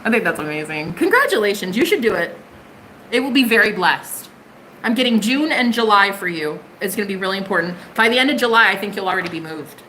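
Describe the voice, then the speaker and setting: Bright-voiced, chatty American tarot reader. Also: female voice, mid-range voice, lively intonation, quick pace, a little hiss or hum, rough recording. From United States. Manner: bubbly, profane and chatty. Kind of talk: live-stream tarot reading and chat.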